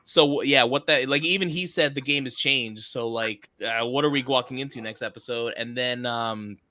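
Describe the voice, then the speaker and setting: A man's voice: mid-range voice, normal speed, bright, forceful tone, no room sound. A young man co-hosting a podcast, chatting casually and animatedly about a TV episode, often quoting scenes and laughing. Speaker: podcast co-host. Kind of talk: casual chat.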